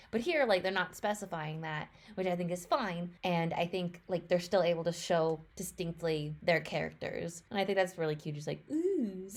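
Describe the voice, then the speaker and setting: Gushing young woman reacting to a trailer. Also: mid-range voice. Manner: gushing, excitable, many fillers. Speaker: YouTube reactor. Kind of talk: casual reaction commentary.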